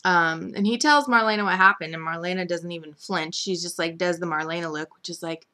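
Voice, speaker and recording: Rambling through a recap of the soap opera's week, a woman fills her speech with frequent "like"s and "um"s. Her voice is fairly low and sharp-toned, and she talks briskly.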